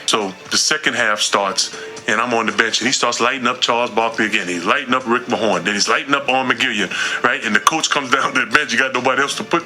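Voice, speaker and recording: A man's voice: medium pitch, fast, bright, forceful tone, soft background music. A man, a former basketball player, telling a story with laughter and acting out the voices. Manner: laughing, dramatic, acts out voices. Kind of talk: animated storytelling interview.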